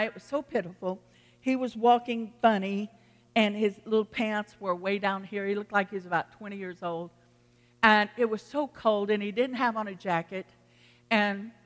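A pastor delivers a sermon with a folksy, earnest storytelling manner, speaking straight to the congregation. The voice is bright and forceful. A long hall reverb trails behind every phrase. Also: mid-range voice.

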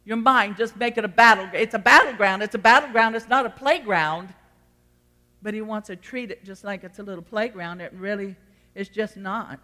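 A woman preaching a sermon in a church, swinging between loud exhortation and quiet asides. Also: mid-range voice, normal speed. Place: church sanctuary. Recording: long church hall reverb.

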